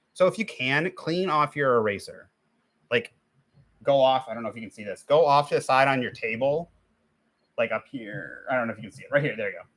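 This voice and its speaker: Bright-voiced man rambling casually. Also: mid-range voice. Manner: rambling, thinks aloud with many restarts; complains, then gives step-by-step drawing tips. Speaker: livestream host. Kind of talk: casual chat while drawing.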